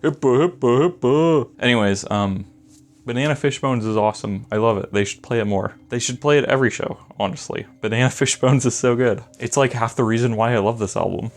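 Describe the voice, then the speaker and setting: A man's voice: medium pitch, a little fast. A young man rambling enthusiastically through a casual album review, full of filler words. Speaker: music reviewer.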